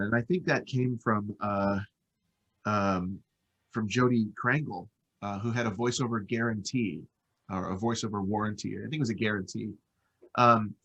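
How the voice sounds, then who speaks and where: American male VO talent, husky voice, energetic, rambling interview chat. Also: medium pitch. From United States. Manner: enthusiastic, rambling with fillers. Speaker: voice-over artist guest.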